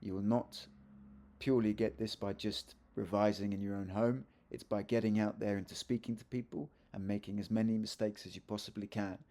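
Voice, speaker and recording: A man's voice: lowish voice, steady tone, fairly quick, dark tone. A man teaching a video grammar lesson, chatty and self-correcting, with joking asides as he explains. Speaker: Spanish teacher.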